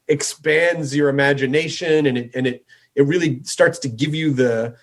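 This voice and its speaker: A man hosting a podcast in casual chat, rambling with lots of "you know" and "like". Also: a little high. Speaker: podcast host.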